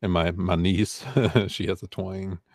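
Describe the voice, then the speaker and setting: A man's voice: low-pitched, level tone, unhurried, gravelly, darkish tone, dry recording, clean studio sound. A man with a Southern US accent hosting a casual livestream, rambling and answering chat comments. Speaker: eBay reseller hosting a livestream.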